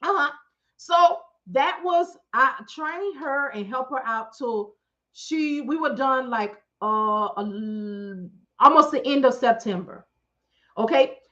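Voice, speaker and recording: A middle-aged woman holds court on her own livestream, bright and fairly high-pitched, telling stories in a chatty, animated way. She keeps checking in with her viewers. The stream audio sounds dull and lo-fi. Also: takes it slowly. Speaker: livestream host. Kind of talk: casual storytelling on a livestream.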